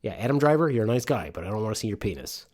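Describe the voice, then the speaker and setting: A middle-aged man from Michigan hosts a podcast from his home studio. He rambles and jokes, swearing freely, and his pitch swings widely as he riffs. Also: expressive, very fast, darkish tone. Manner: rambling, profane, joking. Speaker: podcast host. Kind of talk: casual podcast banter.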